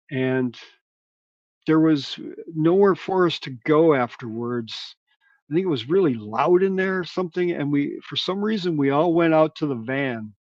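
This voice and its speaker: A man's voice: mid-range voice, dry recording, highs cut off. Chatty man telling rambling stories. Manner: loose, rambling, swears freely. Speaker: guest musician. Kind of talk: casual storytelling.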